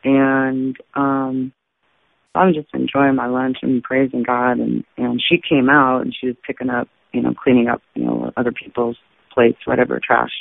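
A man's voice: medium pitch, monotone, moderate pace, vocal fry, no room sound. A man earnestly telling a rambling personal faith story, full of fillers and restarts, in casual testimony style. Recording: dry tinny phone-like sound.

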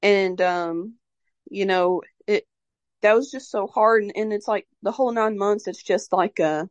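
A woman's voice: medium pitch, measured pace, no echo, lo-fi sound. A young woman telling a personal story in a casual, rambling way, full of "like" and fillers, emotional and devout in tone. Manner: rambling, heavy use of "like" and fillers; openly emotional and religious in tone. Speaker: mother sharing her birth story.

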